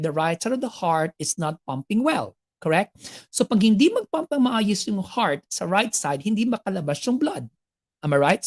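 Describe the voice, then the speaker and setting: A woman with a Filipino accent giving a nursing exam lecture, mixing English with Tagalog and checking in with "okay?" after each point. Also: fairly low pitch.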